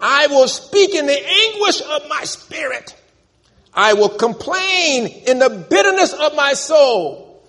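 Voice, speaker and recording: A man's voice: very high voice, very animated, takes it slowly, fairly bright tone, voice pushed up, heavily acted. A man voicing Job as a bitter, anguished man who refuses to stop complaining, in a reverberant church. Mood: bitter, defiant.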